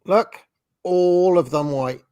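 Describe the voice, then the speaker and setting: A man in his forties hosting a casual chat over a video call, wry and chuckling, with halting restarts. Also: high voice, dark tone, clean tone, dry recording. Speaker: host.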